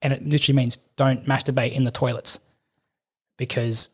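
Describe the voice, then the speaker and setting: A middle-aged Australian man, an army veteran and firefighter appearing as a podcast guest, rattles off rambling war anecdotes with laughter in casual chat. His voice is mid-range and level with a breathy edge.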